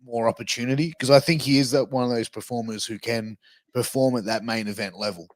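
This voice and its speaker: A man's voice: medium pitch, fairly even intonation, brisk, no echo, studio quality. Laid-back male podcast co-host. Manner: laid-back, casual swearing. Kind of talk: casual chat.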